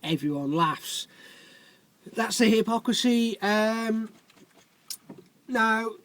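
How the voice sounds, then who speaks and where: A man delivering a wry, wordy comic monologue, dry and deadpan, with lots of ums. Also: sits high, takes it slowly. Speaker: comedic commentator.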